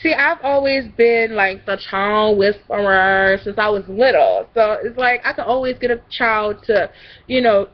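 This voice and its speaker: A woman's voice: medium pitch, a little slow, lo-fi sound. A young woman telling rambling stories in a casual vlog, drifting from one tangent to the next. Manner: chatty, rambling, goes off on tangents. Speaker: vlogger.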